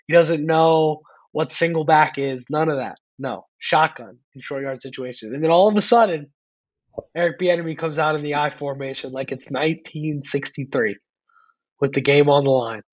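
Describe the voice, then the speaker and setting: Sports podcast co-host, male, blunt and opinionated, a bit higher voice, slightly muffled lo-fi audio. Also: no echo. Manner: blunt, opinionated, fast when heated. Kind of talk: casual sports chat.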